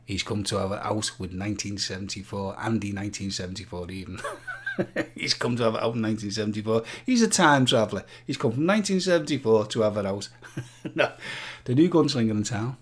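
A man's voice: fairly low pitch, wildly swooping pitch, fairly quick, slight background noise. Male quiz host, cheeky banter, humming jingles, casual live-stream delivery. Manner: jokey, sings jingles, reads out viewer names.

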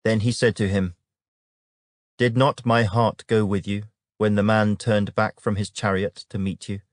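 Man with a low voice reading scripture. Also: little pitch movement, unhurried, no room sound, studio quality. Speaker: Bible reader.

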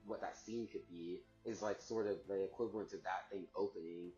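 A man's voice: low-pitched, steady tone, fairly quick, darkish tone. A man rambling in a casual monologue, full of filler words and frequent giggles. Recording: roomy, dull sound with faint music.

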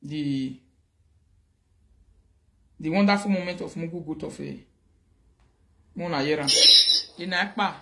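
A man's voice: on the high side, measured pace, pauses often. A Nigerian man hosting a show, talking animatedly in a casual mix of Pidgin and Yoruba, laughing often. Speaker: show host. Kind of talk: casual live-show commentary.

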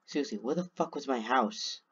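A man's voice: medium pitch, lively intonation, brisk, breathy edge, highs cut off. A man narrating his own gameplay, talking to himself and swearing constantly. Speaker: gamer. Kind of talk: let's play commentary.

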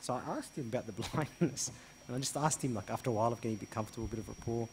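Male priest, mid pitch, lively raconteur who acts out quoted exchanges, faint background hiss. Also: rapid-fire. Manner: animated, re-enacts dialogue with rising pitch and volume. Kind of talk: storytelling interview answer.

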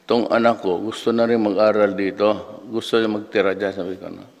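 A man in his seventies with a Filipino accent, giving a halting, digressive anecdotal speech at a graduation. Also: on the low side, steady tone, darkish tone, highs cut off. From Philippines. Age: 70s. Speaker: speaker at a graduation. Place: large hall. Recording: echoey hall.

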